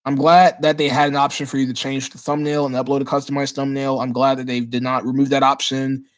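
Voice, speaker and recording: A man hosting a casual livestream Q&A, reading chat questions aloud and answering in an excitable way, often repeating words as he restarts his sentences. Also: medium pitch, fast. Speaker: livestream host.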